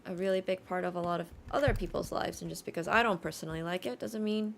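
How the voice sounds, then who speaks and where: A woman's voice: lowish voice, fast talker, vocal fry, a little hiss or hum. Woman in her twenties, Californian accent, casual livestream chat, self-deprecating, wry. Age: 20s. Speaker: chess streamer.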